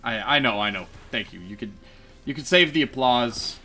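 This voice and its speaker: A man's voice: medium pitch, animated, normal speed, pushed and bright, faint music behind. A man giving casual, chatty commentary on his own gameplay, laughing often and poking fun at himself. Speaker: let's play gamer.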